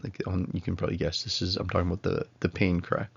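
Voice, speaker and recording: A low-pitched man in his thirties lecturing to a class, his voice gravelly with fry. He talks casually and rambles, often breaking off his own sentences. The recording sounds a little dull and lo-fi. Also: level tone, fast talker. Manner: casual, rambling, self-interrupting. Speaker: college instructor.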